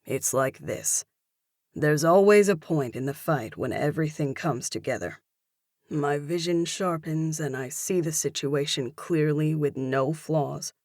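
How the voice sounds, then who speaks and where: Woman playing a young male cage fighter, teasing, confident, deepened voice, slow delivery, audiobook. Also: a little mellow, dry recording, clean studio sound. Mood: earnest. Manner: easygoing, teasing. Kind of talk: audiobook character voice.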